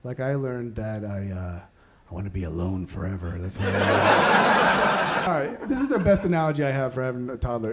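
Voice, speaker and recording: A middle-aged man doing a stand-up routine about parenting, ranting in an exasperated way and breaking into shouted outbursts. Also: mid-range voice. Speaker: stand-up comedian. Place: comedy stage before a laughing audience. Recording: live stage set with loud audience noise.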